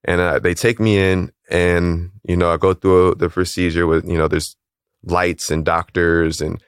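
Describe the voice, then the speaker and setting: A calisthenics league founder, appearing as an interview guest, tells a personal story in a very low, clean-toned voice, calm and measured. He takes on the voices of the people he quotes. The sound is close and dry, with no room echo.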